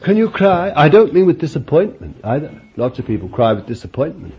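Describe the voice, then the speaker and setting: A man's voice: medium pitch, sing-song, brisk. An older man preaching a sermon, emphatic and chuckling often, repeating his phrases. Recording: dull lo-fi recording with faint background noise.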